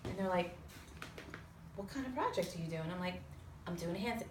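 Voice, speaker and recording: A woman telling a lively personal story to a small audience, acting out other people's voices and swearing casually. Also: fairly low pitch, fairly quick, long pauses. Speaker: storyteller on a talk show. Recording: roomy sound from a distance with faint noise.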